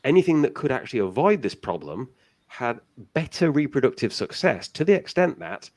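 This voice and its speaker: A man's voice: medium pitch, big pitch swings, normal speed, darkish tone. A man as a guest on a casual talk show, giving long explanations with many restarts.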